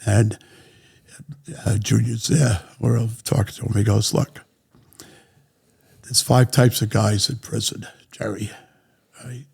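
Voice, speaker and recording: Gravelly, husky man. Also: fairly low pitch, slow, long pauses. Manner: blunt, profane, animated anecdote-telling. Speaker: interview guest. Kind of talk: casual storytelling.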